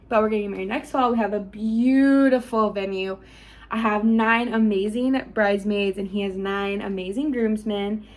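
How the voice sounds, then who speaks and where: Young woman vlogging from home, chatty and gushy, lots of likes. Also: mid-range voice. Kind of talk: casual storytelling to camera.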